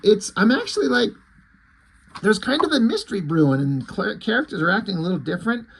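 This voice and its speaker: A man's voice: high voice, big pitch swings, brisk, breathy edge. A man casually and enthusiastically recapping a comic story, swearing freely and reading out the characters' lines. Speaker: comic book reviewer.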